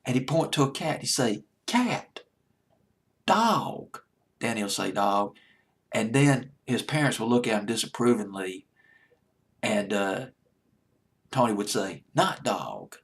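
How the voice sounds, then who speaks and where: A man's voice: on the low side, unhurried, breathy edge. A man from Alabama with a Southern accent, hosting a music countdown in a chatty, enthusiastic way, laughing as he talks. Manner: chatty, enthusiastic, laughs often, stumbles and restarts. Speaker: radio-style countdown deejay. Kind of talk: casual countdown commentary.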